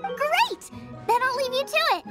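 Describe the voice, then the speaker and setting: A woman's voice: very high voice, music in the background. A woman playing a cheerful, food-obsessed young female chef in a video game, bubbly and eager. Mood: excited. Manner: bubbly, enthusiastic, rapid excited outbursts.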